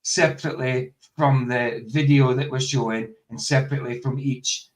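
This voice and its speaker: A man's voice: medium pitch, steady tone, moderate pace. A man hosting a casual chat over a remote call, laughing often and stumbling over his words. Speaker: host.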